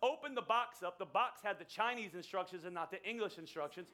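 Bright-voiced, high-pitched male pastor. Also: brisk. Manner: conversational storytelling, acts out quoted lines. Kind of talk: sermon with personal story.

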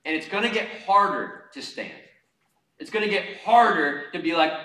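A male pastor preaching a sermon to his congregation, impassioned and conversational, swinging from loud urging to quiet asides and calling on the room to answer. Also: on the high side, big pitch swings, moderate pace. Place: church hall before a congregation. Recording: echoey hall, mic at a distance.

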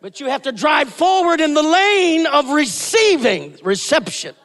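A man preaching with a very high, lively voice that leaps from hushed asides to shouted peaks. His words ring out into the long reverb of a big church hall. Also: unhurried. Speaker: guest pastor. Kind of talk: sermon.

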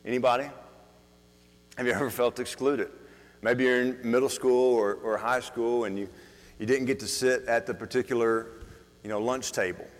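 A man preaching a sermon as pastor, asking the congregation questions and building from quiet reflection to emphatic delivery, with frequent restarts. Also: medium pitch, steady tone, normal speed. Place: church hall. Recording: long reverb of a church hall.

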